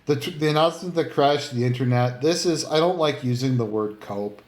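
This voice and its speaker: A man rambles through casual online commentary, blunt and full of fillers, with the odd swear word. His voice sits at a middle pitch. The recording has a noticeable room echo. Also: a little fast. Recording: roomy, echoey room.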